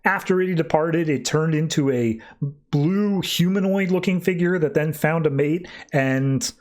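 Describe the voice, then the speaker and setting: A podcast host recaps a comic issue in relaxed, chatty fashion. His voice sits slightly high for a man. He keeps the retelling animated with quick quoted lines. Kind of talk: casual comic book recap.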